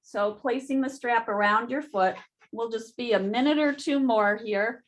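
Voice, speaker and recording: A woman yoga instructor giving calm step-by-step cues and counting breaths through a guided class. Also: fairly high pitch, a little slow. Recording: echoey room.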